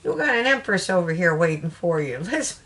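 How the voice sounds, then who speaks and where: A woman's voice: on the low side, sing-song, a little fast, a bit bright, slight background noise. A woman with a Southern US accent voicing a blunt, teasing spirit guide who nudges someone along in a folksy way. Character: bossy, teasing spirit guide of unstated sex.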